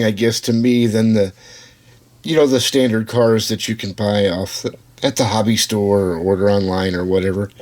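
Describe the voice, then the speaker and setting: A man casually talking to camera as he shows the parts of a model car he is building, easygoing and unhurried, with the odd restart. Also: medium pitch, a little mellow, dry recording. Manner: easygoing, talks to camera while showing parts, with small restarts. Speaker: hobbyist building custom slot cars. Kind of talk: casual build-update video.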